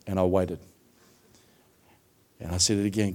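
A man's voice: low-pitched, fairly even intonation, a little slow. Conversational middle-aged male preacher. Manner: storytelling, warm and conversational with frequent fillers. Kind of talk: sermon.

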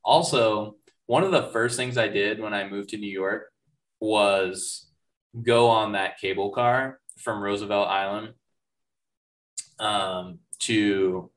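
A man's voice: lowish voice, fairly even intonation, slow pace, a bit bright. A man chatting casually about a film, playful and joking, acting out lines from it. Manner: playful, jokey, acts out quotes.

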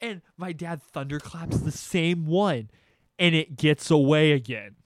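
A young man telling a comedic story on a podcast, animated and profane, acting out sounds and quotes. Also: fairly high pitch, measured pace, no echo.

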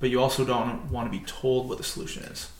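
A man's voice: mid-range voice, flat delivery, fast talker, roomy sound. A man co-hosting a podcast in casual chat, telling stories and acting out the people in them. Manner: storytelling, acts out quoted dialogue. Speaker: podcast co-host.

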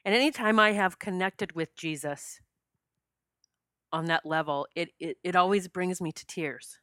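A woman podcast host tells a personal spiritual story, growing emotional and choked up as she talks. Her lowish voice is a bit bright and a little slow, recorded at studio quality with no echo.

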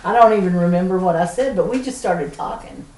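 A middle-aged woman with a Southern US accent, co-hosting a podcast and telling a lively story with frequent laughter. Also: lowish voice, brisk. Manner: animated storyteller, laughs often mid-sentence. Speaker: podcast co-host. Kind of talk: casual storytelling chat. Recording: roomy sound from a distant mic.

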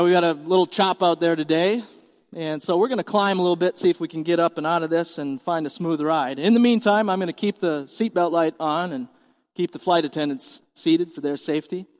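A man's voice: fairly high pitch, big-room sound, natural voice. A man voicing a male airline captain on the intercom with drawling, folksy pilot patter.

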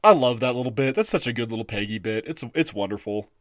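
A man co-hosting a podcast in a rambling, casual chat style, full of fillers and quick laughs. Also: medium pitch, animated, dry recording, studio quality. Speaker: podcast co-host.

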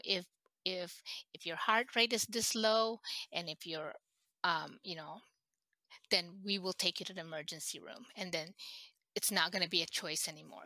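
Middle-aged woman guest, halting and emotional, bright voice. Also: fairly low pitch, dry recording. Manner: halting, emotional, many restarts. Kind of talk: personal storytelling in an interview.

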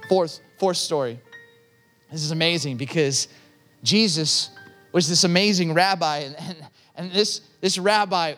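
Man, preacher; high, ringing tone; sermon with rising emphatic peaks. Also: a bit bright. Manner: impassioned, building to emphatic peaks, speaks straight to the audience.

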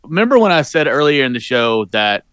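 A man's voice: mid-range voice, sing-song, a little fast, fairly bright tone, clean tone, dry recording. A man co-hosting a podcast, joking around in crude, casual banter. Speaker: podcast co-host. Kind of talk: casual chat.

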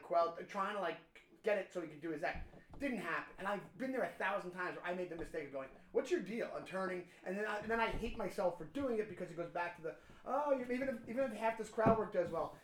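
Male podcast co-host, animated storyteller, in a roomy echoing room. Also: high voice, slight background noise. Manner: animated, swearing, acts out quoted voices. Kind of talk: casual chat, storytelling.

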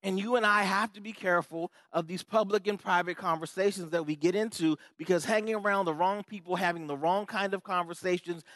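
Male pastor, high voice, dry close sound, emphatic repetitive preaching style. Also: fairly even intonation, brisk, hardly any pauses, a bit bright, no echo. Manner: conversational preaching with audience check-ins. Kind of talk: sermon.

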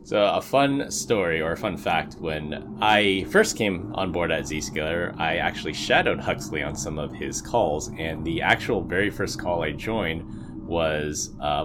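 A man hosting a podcast in casual conversation, upbeat and quick to laugh. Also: a bass voice, background noise. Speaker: podcast host.

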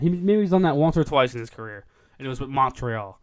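A young man co-hosting a casual sports podcast, excitable and profane, quick to overreact. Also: fairly high pitch. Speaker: podcast co-host.

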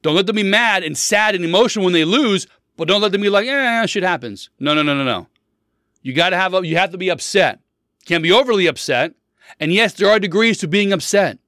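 Blunt preachy man, higher-pitched and dry. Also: fast talker, a bit bright, no room sound. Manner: blunt, preachy, repeats himself for emphasis. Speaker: podcast host. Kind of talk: casual solo podcast monologue.

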